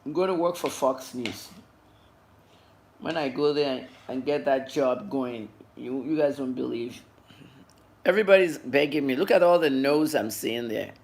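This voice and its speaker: A Nigerian journalist in her fifties delivers a livestreamed news update in an extremely low, unhurried, slightly mellow voice. She's blunt and scolds her viewers, eating as she talks.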